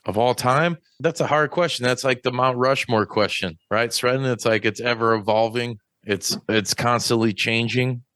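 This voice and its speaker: Profane, high-strung male podcast host. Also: moderate pace, hardly any pauses, fairly bright tone, dry recording. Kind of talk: casual podcast chat.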